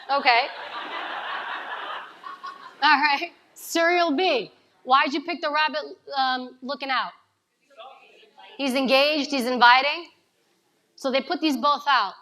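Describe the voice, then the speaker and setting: A woman from New giving an energetic coaching talk to a live audience, asking them questions. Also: high-pitched. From New York City. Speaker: speaker at a summit.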